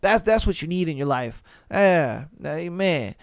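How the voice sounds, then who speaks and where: A young man hosting a podcast, casually reading out listener posts and reacting with profane, animated commentary and laughter. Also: on the high side, measured pace, no room sound, studio quality. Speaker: podcast host.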